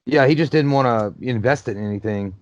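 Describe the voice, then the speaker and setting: A man's voice: mid-range voice, brisk, no room sound, highs cut off. A man hosting a casual movie commentary, joking and cursing as he riffs on the film.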